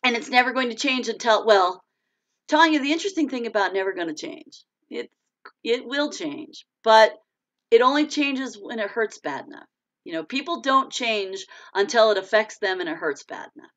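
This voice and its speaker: A chatty woman in her forties hosts a casual live stream, talking openly with her viewers. Her bright voice swings up and down as she talks, and she laughs easily and answers comments as they come in. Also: on the high side, animated, moderate pace. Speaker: author hosting a live chat.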